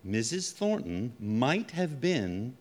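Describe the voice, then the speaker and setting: A calm, probing psychiatrist. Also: male voice, mid-range voice. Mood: measured. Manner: measured, accusing. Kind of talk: 1940s radio acting. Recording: old radio drama, reverberant.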